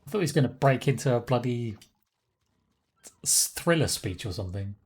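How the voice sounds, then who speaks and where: A man's voice: mid-range voice, expressive, normal speed, darkish tone, breathy edge. A man giving casual, dry commentary while he plays a game. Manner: dry, wry, chuckling asides. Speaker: streamer.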